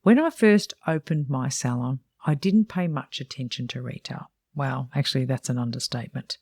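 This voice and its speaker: A woman's voice: a bass voice, moderate pace, a little mellow, slightly rough, no room sound, clean studio sound. A middle-aged woman who mentors salon owners and hosts a podcast, reading her own book aloud in a frank, chatty way with wry asides.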